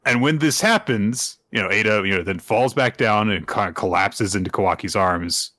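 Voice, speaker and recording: On a casual podcast, a co-host with a lowish voice recaps a manga chapter at normal speed with few pauses and no echo. He tells it in an animated way, acting out the characters' quotes and dropping in plenty of "uh"s and other fillers.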